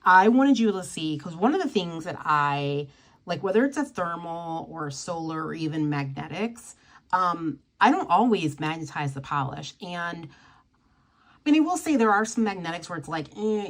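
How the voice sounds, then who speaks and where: A woman hosting a casual livestream, chatty and rambling with many fillers. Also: sits low. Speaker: nail polish livestream host.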